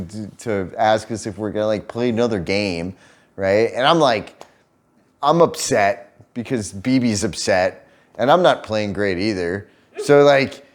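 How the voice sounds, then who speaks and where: A young man casually telling a story to camera, laughing often, swearing freely and acting out what people said. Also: medium pitch. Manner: swears freely, laughs often, animated retelling with quoted voices. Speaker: vlogger telling a story about his partner.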